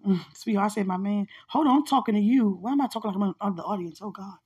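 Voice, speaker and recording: A woman's voice: medium pitch, fast, darkish tone, breathy edge. A woman minister sharing a personal spiritual testimony in a heartfelt, conversational way, often repeating phrases for emphasis.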